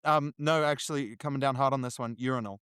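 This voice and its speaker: A man co-hosting a podcast and judging, animated and laughing often as he talks. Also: mid-range voice, fast talker, clean tone, no echo, studio quality. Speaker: podcast co-host, judge. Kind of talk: casual podcast chat.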